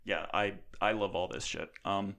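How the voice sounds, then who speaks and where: A man's voice: low voice, steady tone, moderate pace, vocal fry, fairly bright tone. A man hosting a casual podcast chat, rambling with many restarts and fillers. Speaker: podcast host.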